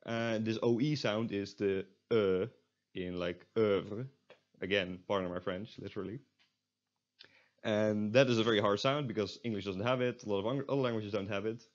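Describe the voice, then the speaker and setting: Guy teaching beginners how to say vowels, lowish voice, kinda muffled lo-fi audio. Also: fairly even intonation. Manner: explanatory, repeats sounds slowly for learners, self-deprecating asides. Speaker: language teacher. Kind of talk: recorded online language lesson.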